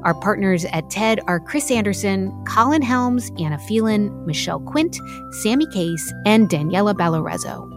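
A woman radio host reading the show's closing credits in a polished, even announcer manner. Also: medium pitch, moderate pace. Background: theme music.

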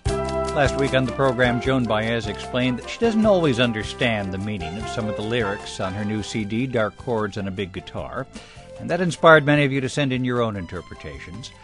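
A man's voice: mid-range voice, expressive, fairly quick, music in the background. A man hosting a public radio program, reading listener letters in a dry, wry scripted delivery.

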